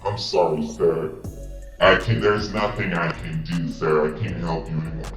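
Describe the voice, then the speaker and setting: A man putting on a flat, deep-voiced hospital operator woman. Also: normal speed, reverberant, soft background music. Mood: stonewalling. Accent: Puerto Rican. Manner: flat, repetitive apologies. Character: weary female hospital phone operator, unhelpful.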